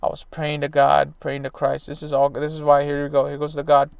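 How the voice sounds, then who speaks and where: Gravelly man in his thirties telling a story. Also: on the high side, a little fast, dry recording. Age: 30s. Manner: animated, rambling, emphatic. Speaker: baseball player and coach. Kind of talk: casual storytelling.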